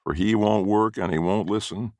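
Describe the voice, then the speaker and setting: A man's voice: lowish voice, moderate pace, darkish tone, no echo, studio quality, voice pushed up, close to an everyday voice. A man doing a whining sly old grandfather. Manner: whining, self-pitying.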